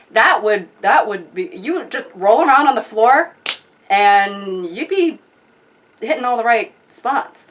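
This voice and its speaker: A woman's voice: a little high, a little slow. Sarcastic young woman ranting. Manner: sarcastic, animated, exasperated. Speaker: video host. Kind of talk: comedic commentary.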